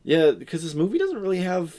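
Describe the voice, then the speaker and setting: A man's voice: high-pitched, big pitch swings, fast talker, warm tone. Sarcastic male podcast host. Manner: sarcastic, mock-dramatic asides. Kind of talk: casual movie review chat.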